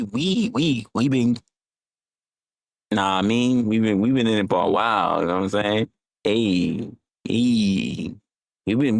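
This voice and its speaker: An American man chatting casually on his livestream, animated and rambling, swearing freely and teasing his chat. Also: lowish voice, gravelly, dry recording, clean studio sound. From United States. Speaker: livestream host.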